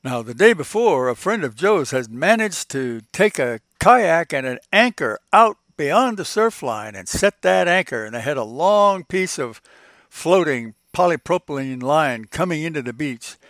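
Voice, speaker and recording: A man's voice: fairly high pitch, big pitch swings, a little slow, a bit bright, dry recording, clean studio sound. An older man hosting a podcast, telling old stories in a folksy, reminiscing way and chuckling often as he goes. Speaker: podcast host. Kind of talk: casual reminiscing storytelling.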